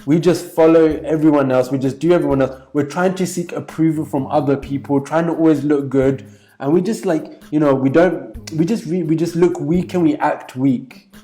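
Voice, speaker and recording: A man's voice: fairly high pitch, steady tone, moderate pace, mellow. A man giving an emphatic motivational talk as a business coach, repeating points with many fillers.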